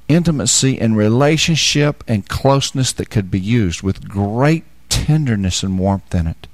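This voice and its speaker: A man giving a sermon, explaining scripture with homely examples and rising into loud, fervent preaching. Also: lively intonation, normal speed, dry recording. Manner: builds to loud, high-pitched fervent preaching. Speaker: Bible teacher.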